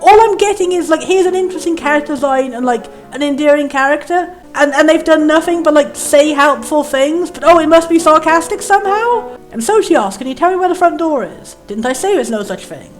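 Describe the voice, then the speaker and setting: Fast-talking high-voiced woman playing a game. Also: expressive. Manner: rambling, puzzled questioning asides. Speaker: let's play host. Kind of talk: casual game commentary, reading on-screen text aloud. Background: faint game music.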